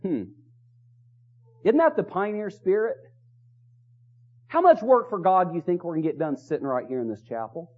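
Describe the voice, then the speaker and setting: A man's voice: high voice, lively intonation, normal speed, long pauses. A man preaching a sermon in a chapel, earnest and exhorting, driving points home with rhetorical questions and repetition. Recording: dull lo-fi recording.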